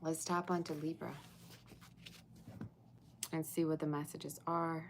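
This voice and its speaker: A woman's voice: deep voice, level tone, measured pace, a little hiss or hum. A woman reading tarot on a live stream, chatting with viewers in the chat and sometimes dropping to a whisper. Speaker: tarot reader.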